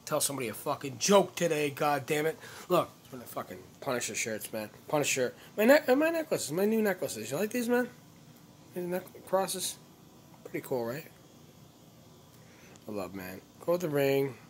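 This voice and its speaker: A man's voice: fairly high pitch, very animated, moderate pace, a little hiss or hum. A man comedian ranting casually to camera, profane and rambling, jumping from one gripe to the next. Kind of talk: casual vlog rant to camera.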